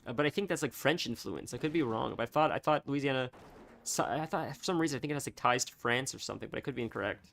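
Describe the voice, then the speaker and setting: A young man chatting casually on a live stream, rambling and halting, full of fillers and restarts. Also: medium pitch, gravelly, a bit bright.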